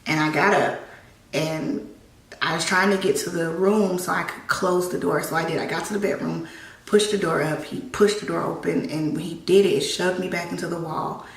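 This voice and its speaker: A woman vlogger shares a personal story while getting ready. Her delivery is raw and halting, full of restarts and repeated phrases. The mic sits some way off in a room with a lot of echo. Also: on the low side, fairly even intonation, creaky. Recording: echoey room, mic at a distance.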